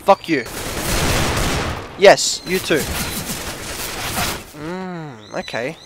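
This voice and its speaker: A man commentating his own shooter gameplay, swinging between frustrated shouts, rants and quiet muttering. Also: a little high, very slow, very noisy. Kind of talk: gaming commentary. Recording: game gunfire behind the voice. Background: gunfire from the game.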